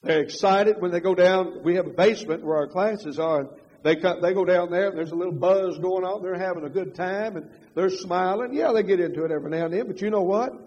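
Older preacher, high husky voice, swings loud to hushed, dull echoing church hall. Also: male voice, fairly quick. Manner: swings from loud emphatic preaching to quiet confessional storytelling. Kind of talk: sermon.

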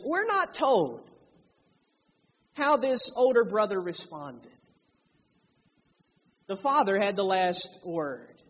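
A man preaching a sermon, emphatic, drawing out key phrases to stress them. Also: sits high. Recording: long hall reverb.

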